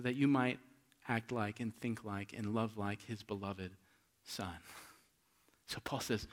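A pastor preaching a sermon, asking rhetorical questions and swinging between hushed and loud, emphatic delivery. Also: male voice, on the low side, measured pace, pauses often.

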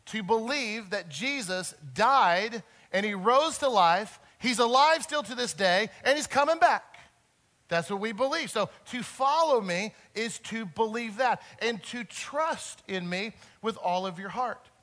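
A man preaching a sermon earnestly, swinging between loud emphasis and soft, quiet moments. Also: sits high, animated, measured pace. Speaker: pastor.

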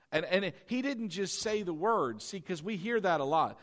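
A middle-aged man preaching a sermon as pastor, animated, asking the congregation rhetorical questions and acting out quoted lines. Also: high-pitched, normal speed, hardly any pauses.

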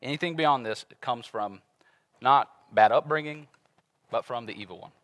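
A man in his thirties preaching a conversational sermon as a pastor, animated and acting out everyday voices. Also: medium pitch, moderate pace. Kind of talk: casual sermon.

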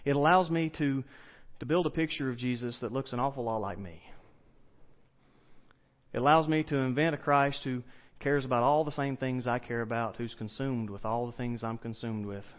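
In a church sanctuary, a pastor with an East Tennessee Southern accent delivers a casual, story-driven sermon, putting questions to his congregation. His voice is medium in pitch at a moderate pace. The recording is dull and lo-fi.

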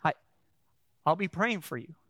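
A man's voice: high voice, animated, unhurried, a bit bright, no room sound, clean studio sound. A male pastor preaching a sermon, telling a story in a conversational way with frequent restarts, then building to emphatic preaching. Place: church.

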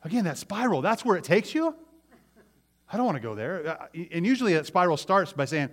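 A man delivering a lively sermon, pitched a little above the usual male range. He tells the story with animation and slips into the voices of the people in it. He sounds like a pastor speaking to a church gathering. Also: brisk.

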